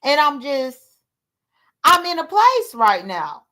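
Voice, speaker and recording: A woman's voice: high voice, sing-song, takes it slowly, pushed and bright. A woman, talking candidly and emotionally to her livestream viewers in a rambling way. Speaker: livestream host. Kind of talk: casual livestream talk.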